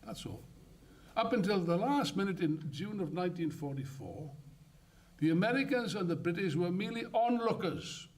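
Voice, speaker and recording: An older man giving an impassioned, rambling congress speech, swinging from loud outbursts to muttered asides. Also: sits high, sing-song, moderate pace, far from the mic. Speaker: political speaker. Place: conference hall.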